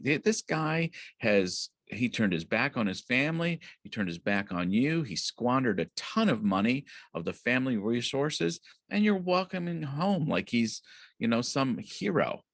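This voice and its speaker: A man's voice: low-pitched, normal speed, a bit bright, no room sound, studio quality. A man voicing a resentful older brother who complains that he has been treated unfairly. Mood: indignant. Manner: aggrieved, complaining.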